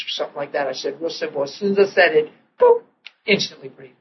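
Male preacher, fairly high voice, storytelling sermon with repeated restarts, dull recording. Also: fast talker, a little hiss or hum. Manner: animated storytelling, repeats and restarts, drops to soft tones for quoted prayers.

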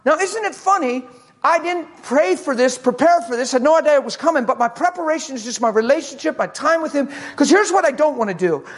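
A man preaching a sermon, telling a story with lively acted-out quotes and swings between loud and hushed. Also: extremely high pitch, a little fast.

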